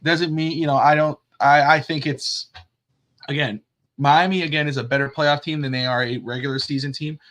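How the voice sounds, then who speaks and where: A middle-aged man co-hosts a casual sports talk show, animatedly telling stories and acting out what people said. His voice is fairly high, at a moderate pace.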